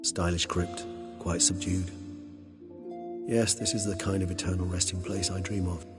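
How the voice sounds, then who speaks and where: A man's voice: low-pitched, level tone, normal speed, natural voice. An actor playing a refined, ironic male vampire in a video game, with eloquent, theatrical phrasing. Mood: wry. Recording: game audio with music underneath. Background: music.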